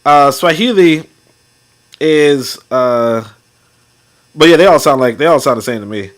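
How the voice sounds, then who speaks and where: A man's voice: mid-range voice, expressive, unhurried. A man hosting a casual talk show, rambling and joking as he reads comments and articles, laughing often and acting out other people's voices. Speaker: podcast host.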